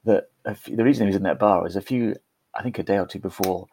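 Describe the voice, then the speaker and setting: A man's voice: fairly low pitch, quick pace, a little mellow, husky. A man, a podcast guest, telling a personal story in a chatty, self-deprecating way with frequent restarts. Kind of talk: conversational storytelling.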